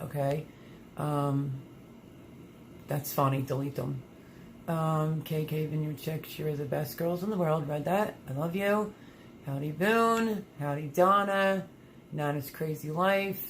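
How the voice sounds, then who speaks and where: A low-pitched woman hosts a relaxed livestream, chatting with viewers and reading their comments out loud. She talks casually and drops in plenty of ums. Faint noise sits behind her voice. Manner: chatty, reads viewer comments aloud, many fillers. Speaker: livestream host reading chat.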